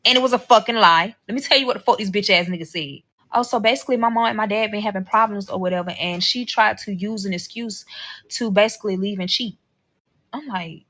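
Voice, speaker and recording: A woman's voice: mid-range voice, fairly quick, sharp tone. A young woman telling a personal story from a social media clip, blunt and swearing freely. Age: young adult. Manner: blunt and heavy on cursing. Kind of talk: casual storytelling.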